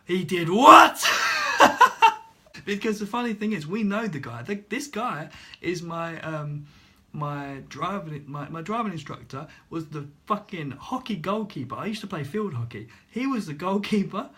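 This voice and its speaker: A young man tells a story to his vlog camera in a chatty, animated way. His voice sits a touch high and sounds bright and lively. He laughs at himself and slips into other people's voices as he goes. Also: normal speed. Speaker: vlogger. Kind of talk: casual storytelling.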